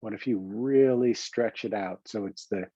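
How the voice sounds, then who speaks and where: A man with a New York accent, a coach talking through self-help exercises in a calm, reflective way with many pauses and restarts. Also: fairly low pitch, breathy edge, no echo, lo-fi sound. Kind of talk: self-help teaching talk.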